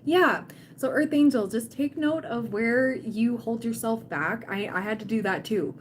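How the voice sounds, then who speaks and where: A woman's voice: fairly high pitch, measured pace, slight background noise. A woman hosting a tarot livestream, chatting casually and cheering on her viewers, often quoting people in playful voices.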